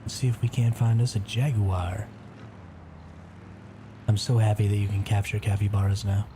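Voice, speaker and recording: A man's voice: lowish voice, little pitch movement, normal speed, background noise. A man chatting casually as he streams a survival game, talking to viewers and reading their chat aloud. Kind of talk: casual gameplay commentary.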